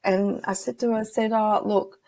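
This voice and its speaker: A woman's voice: medium pitch, little pitch movement, moderate pace, gravelly, warm tone, dry recording. A woman guest on an interview show, a spiritual medium telling personal stories in a chatty, reflective way and acting out the dialogue she remembers. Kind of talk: casual interview storytelling.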